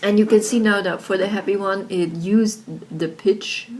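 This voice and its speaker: A woman explaining audio software in a casual tutorial, recorded on her laptop's built-in microphone, chatty with lots of fillers. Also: medium pitch, fairly even intonation, moderate pace, slight background noise. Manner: chatty, many fillers like "like" and "you know".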